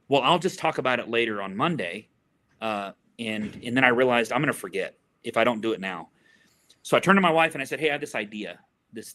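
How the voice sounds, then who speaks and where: A middle-aged man with a bright, forceful voice, speaking as a therapist guest in an interview. He tells an earnest story and repeats words as he gropes for the right phrasing. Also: medium pitch, a little hiss or hum. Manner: earnest, repeats words while searching for them.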